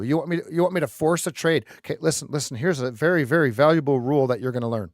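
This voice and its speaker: A man's voice: a little high, fast, dry recording, studio quality. Joking, word-repeating male stream host. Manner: animated, joking, repeats words. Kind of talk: live stream commentary.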